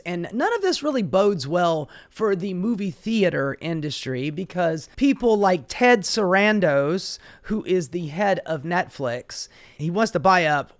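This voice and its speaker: A man delivering a profane, sarcastic political rant, exasperated throughout. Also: high-pitched. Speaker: political commentator. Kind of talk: ranting political commentary.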